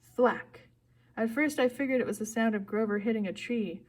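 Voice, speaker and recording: A woman reading a first-person story aloud in a steady, clear, expressive narration. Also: on the high side, fast. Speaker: audiobook reader.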